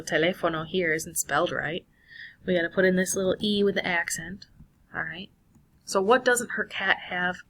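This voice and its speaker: Woman, casual Spanish teacher talking through a lesson on screen; slow, slightly low voice. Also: fairly bright tone, a little hiss or hum. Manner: casual, talks through steps, self-correcting. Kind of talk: screen-recorded lesson walkthrough.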